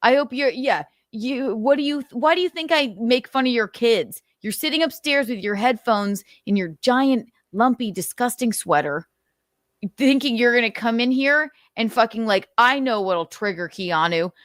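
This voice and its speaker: Furious profane woman livestreamer, high voice. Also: expressive, moderate pace, dry recording, studio quality. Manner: angry, profane, repetitive rhetorical questions. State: choked up with emotion. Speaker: livestream host. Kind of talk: heated commentary rant.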